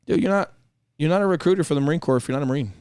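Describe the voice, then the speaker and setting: A man's voice: fairly high pitch, racing, a little mellow, clear, resonant tone, no room sound. A man and former Marine co-hosting a podcast, talking casually in a blunt, direct way and swearing freely. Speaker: podcast co-host.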